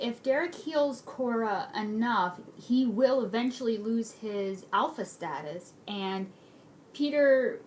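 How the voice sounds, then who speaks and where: A woman's voice: medium pitch, slight background noise, poor audio. A young woman casually recapping a TV episode, snarky and dramatic, swearing freely.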